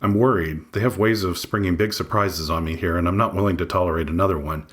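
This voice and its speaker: Male memoir narrator, very low voice, measured, wry, first-person audiobook. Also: steady tone, fairly bright tone. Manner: measured, matter-of-fact, wry. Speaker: author reading his memoir.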